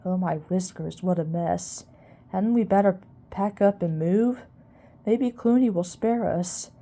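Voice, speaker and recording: A woman's voice: on the low side, measured pace, warm tone. Woman doing a panicky fretting mouse. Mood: panicked. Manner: wailing, anxious.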